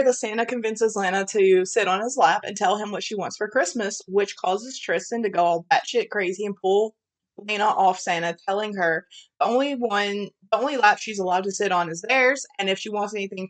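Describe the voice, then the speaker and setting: A woman's voice: mid-range voice, brisk. A woman with a Southern accent co-hosting a podcast, bluntly recapping a romance novel's plot in casual, profane chat. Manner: frank, profane, summarizing plot with giggles. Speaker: podcast co-host. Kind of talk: casual book review chat.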